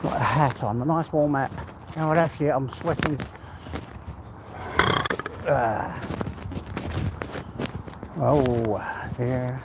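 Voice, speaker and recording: A man's voice: medium pitch, drawn-out words, long pauses, background noise. An English man rambling in a heartfelt way as he walks outdoors, a little out of breath. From England. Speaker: vlogger. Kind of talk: casual walk-and-talk monologue. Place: outdoors on a walk.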